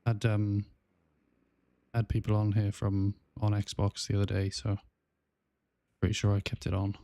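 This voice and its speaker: A man's voice: lowish voice, completely flat delivery, a little slow, warm tone, no room sound. A man with a South Welsh accent chatting casually on a gaming livestream, rambling with lots of fillers and restarts. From South Wales. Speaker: gaming streamer.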